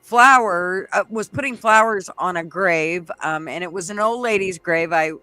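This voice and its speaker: A man's voice: sits high, normal speed, bright, forceful tone, clean tone, no room sound, faint music behind. An older man on a live call-in show, chatty and laughing as he tells a spooky family story. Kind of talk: casual chat, storytelling.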